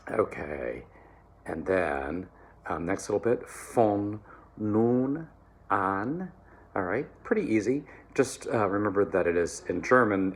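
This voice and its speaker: A man teaching German pronunciation to singers, relaxed and encouraging, often checking in with "all right?" and slowly modeling words. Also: a bass voice, a little hiss or hum. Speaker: choir diction coach. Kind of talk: German diction lesson for singers.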